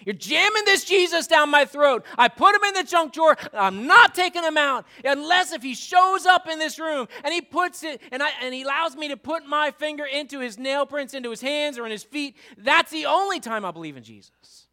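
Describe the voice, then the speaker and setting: A man voicing a fed-up, stubborn adult male disciple who refuses to believe, ranting loudly. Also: extremely high pitch, lively intonation, a little fast, hardly any pauses, voice pushed up, heavily acted. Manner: exasperated, loud ranting.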